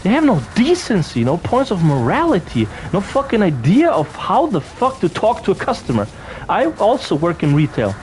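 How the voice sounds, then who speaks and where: A man's voice: high-pitched, wildly swooping pitch, normal speed, darkish tone, slight background noise. A young man from Austria, ranting profanely and indignantly as he tells a storytime vlog. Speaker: vlogger. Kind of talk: angry storytime rant.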